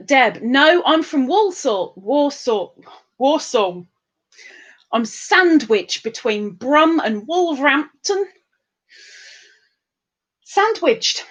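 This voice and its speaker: Lady w doing a chatty livestream, high swoopy voice, kinda muffled audio. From England. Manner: chatty, sing-song greetings, giggly. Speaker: livestream host. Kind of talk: casual livestream chat reading comments.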